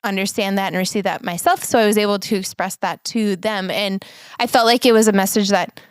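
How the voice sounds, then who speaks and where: A woman's voice: medium pitch, fairly even intonation, a little fast, clear, resonant tone, dry recording. A woman co-hosting a podcast, talking in an earnest, reflective way and laughing now and then. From United States. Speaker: podcast co-host. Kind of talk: casual chat.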